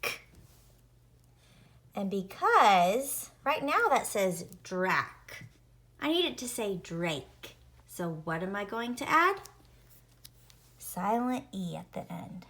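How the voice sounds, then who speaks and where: Very slow woman teacher sounding out letters. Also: medium pitch, big pitch swings, a bit bright. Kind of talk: phonics lesson for young children.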